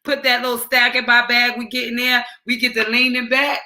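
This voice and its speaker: New lady telling a story, bright voice, acts out the quotes loud. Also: on the high side, flat delivery, brisk. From New York. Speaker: host. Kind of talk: casual chat.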